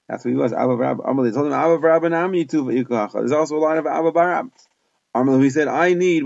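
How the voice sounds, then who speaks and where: A man's voice: mid-range voice, vocal fry, a little mellow, no echo. A man teaching a Talmud lesson, reading Aramaic phrases and explaining them in plain English with small hesitations. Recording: dull, dry close recording.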